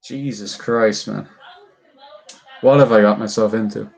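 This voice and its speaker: A man's voice: fairly low pitch, fairly even intonation, a little slow, vocal fry, a little mellow. A man chatting casually with live viewers while he carves, rambling, swearing freely, and laughing often. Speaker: livestreamer.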